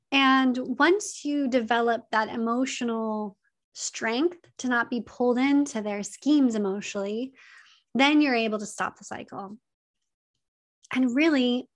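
A woman giving earnest, conversational advice straight to her audience, repeating her key points and using casual fillers. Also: on the high side. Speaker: advice speaker on emotional abuse. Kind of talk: direct-to-camera advice talk.

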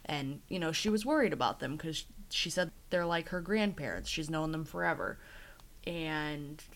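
Chatty woman recapping a show, low voice. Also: expressive, moderate pace, fairly bright tone. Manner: chatty storytelling, acting out quotes. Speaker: podcast co-host recapping a TV episode. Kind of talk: casual chat.

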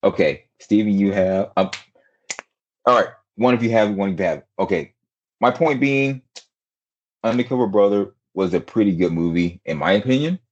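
A man's voice: fairly low pitch, moderate pace, darkish tone, highs cut off. A man hosting a podcast in casual chat, rambling with lots of fillers and restarts over an online call. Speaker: podcast host.

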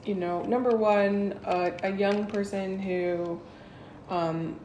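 A woman co-hosting a podcast, reflecting slowly and casually in conversation. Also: mid-range voice, steady tone, mellow. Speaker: podcast co-host. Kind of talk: casual chat. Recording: roomy echo with faint noise.

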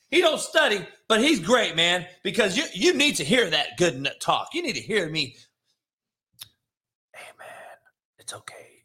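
Sports show host guy going off, cussing a lot, mocking people, bright voice. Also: high voice, sing-song, normal speed. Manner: profane, combative, mocking, swings from loud to hushed. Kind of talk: sports opinion rant.

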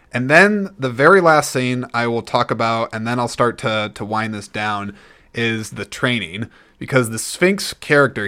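A man hosting a casual solo movie-review podcast, rambling and chatty, with frequent throat clearing and restarts. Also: medium pitch, pushed and bright. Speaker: podcast host.

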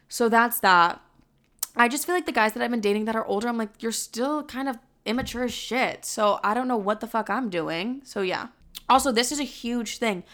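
A woman's voice: mid-range voice, vocal fry, fairly bright tone. A woman in her twenties chatting candidly as a vlogger, full of filler words and casual swearing. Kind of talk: casual chat.

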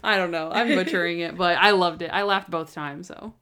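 Animated woman co-hosting a casual chat. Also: fairly low pitch, a little fast, clean tone. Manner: animated, acts out quotes in varied voices. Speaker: podcast co-host. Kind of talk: casual chat recapping a TV episode.

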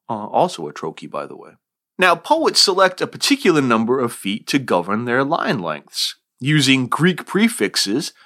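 A man's voice: fairly low pitch, sharp tone. A middle-aged man hosting an educational podcast, reading a scripted lecture with wry, dry asides. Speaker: podcast host explaining poetry.

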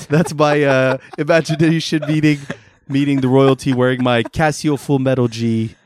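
A man's voice: medium pitch, steady tone, normal speed, dry recording, studio quality. A man co-hosting a casual chat, spinning a playful story and laughing often. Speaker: podcast co-host.

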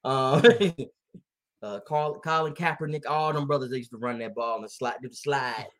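A man's voice: medium pitch, moderate pace. Laughing man telling a sports story. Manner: laughing often, animated storytelling. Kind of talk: casual chat.

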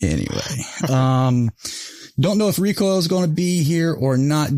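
A man's voice: mid-range voice, darkish tone, no echo, studio quality. A man hosting a podcast in loose, profane casual chat, laughing often between his words. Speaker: podcast host.

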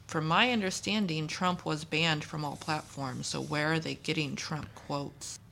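A woman's voice: low voice, fairly even intonation, a little slow, creaky, pushed and bright, a little hiss or hum. A woman co-hosting a casual podcast with her husband, chiming in with curious questions. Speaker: co-host, host's wife. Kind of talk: casual chat.

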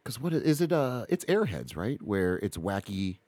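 Casting: middle-aged man, podcast co-host, low voice with big swings, rambling and chatty, dry close mic. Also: moderate pace. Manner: rambling, animated, full of restarts and asides. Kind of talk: casual chat.

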